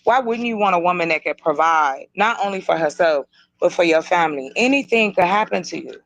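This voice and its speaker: A woman's voice: lowish voice, expressive, a little fast, fairly bright tone, no echo, poor audio. Earnest woman on a dry mic. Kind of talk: casual discussion.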